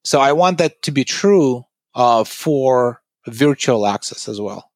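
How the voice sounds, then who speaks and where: A man's voice: medium pitch, animated, slow pace, no room sound. A man, a tech company founder, giving earnest, explanatory interview answers about his product.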